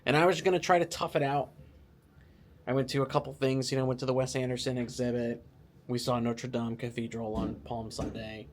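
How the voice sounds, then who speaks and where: A man's voice: mid-range voice, fairly even intonation, a little fast, a little hiss or hum. A man talking casually to the camera from a hotel room, rambling and poking fun at himself, with lots of filler words. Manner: rambling, self-mocking, full of "like" fillers. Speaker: travel vlogger.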